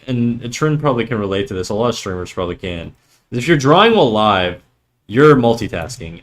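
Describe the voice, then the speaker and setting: Young Canadian streamer, easygoing, meandering talk at a desk mic. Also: male voice, mid-range voice. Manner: relaxed, rambling, lots of fillers and restarts. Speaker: streamer and artist. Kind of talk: casual livestream chat while drawing.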